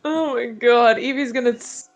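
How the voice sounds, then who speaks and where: A woman's voice: on the high side, normal speed, soft background music. A woman playing a tabletop game, reacting with exasperation, swearing and laughter. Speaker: player.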